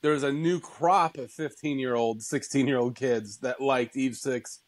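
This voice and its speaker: A man's voice: mid-range voice, normal speed, low-quality recording. Rambling man on a casual podcast. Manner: rambling, filler-heavy, laughs often. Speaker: podcast co-host. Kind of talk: casual chat.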